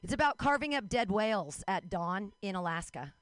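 A young adult woman doing a wry, self-mocking stand-up set out in the street, with quick asides and put-on voices. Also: mid-range voice, lively intonation, clean tone, no room sound. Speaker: stand-up comic. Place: street outdoors.

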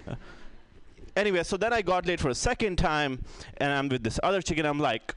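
Brief: male stand-up comic from India, self-mocking and rambling, with a lively, swooping delivery and a fairly high voice. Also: fairly quick, clean tone, no echo. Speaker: stand-up comedian. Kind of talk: stand-up comedy set.

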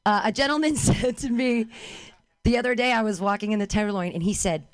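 A woman's voice: medium pitch, brisk, dry recording, clean studio sound. A woman doing stand-up comedy outdoors on a street corner, calling out to passers-by and joking about herself. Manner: calls out to passers-by, self-mocking.

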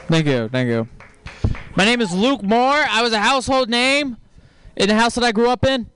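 A man from Texas doing stand-up, delivering deadpan one-liners and breaking into sudden shouts. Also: very high-pitched, normal speed, smooth. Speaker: stand-up comedian. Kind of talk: stand-up comedy set.

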